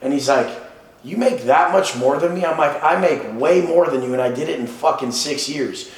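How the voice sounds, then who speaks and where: A man's voice: on the high side, moderate pace. A man from San Diego hosting a podcast, talking bluntly and profanely in a boastful, casual way. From San Diego, California. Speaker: podcast host. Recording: roomy echoing room.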